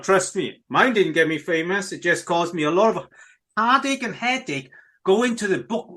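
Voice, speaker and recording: A man's voice: high voice, fairly bright tone. A middle-aged man hosting a podcast, talking casually and enthusiastically to his listeners, rambling and repeating himself. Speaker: podcast host.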